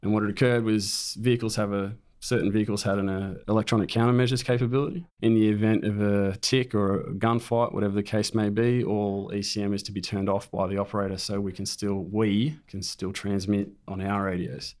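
A man's voice: lowish voice, little pitch movement, a little fast, few pauses, a little mellow. A man, a military veteran, bluntly recounting a combat ambush in conversation and swearing freely.

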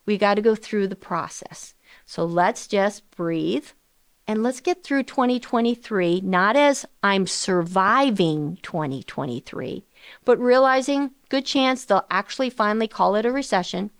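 A middle-aged woman hosting a financial planning show, talking in a chatty, animated way with rhetorical questions. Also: medium pitch, a little slow, clean tone, dry recording. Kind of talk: conversational radio-style finance talk.

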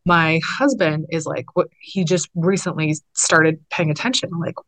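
A woman's voice: lowish voice, a little slow, a bit bright, no echo, rough recording. A bereaved mother speaking earnestly in an interview, often repeating and restarting her words. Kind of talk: conversational interview.

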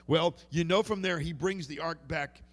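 A pastor with a fairly high voice and normal speed delivers a sermon in a church sanctuary, spinning folksy tales and often breaking off to begin his sentences again. The sound has long hall reverb.

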